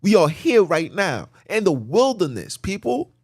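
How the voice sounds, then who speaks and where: A man preaching on his podcast in a slightly high, very lively voice, leaning on slang and repeating his points. His pitch leaps around as he drives each point home, and the dry, close sound has almost no room echo. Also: a little slow, slightly rough. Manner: preacherly, repetitive, sliding from loud emphasis to near-mutters; casual street slang. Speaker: podcast host. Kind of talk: religious teaching monologue.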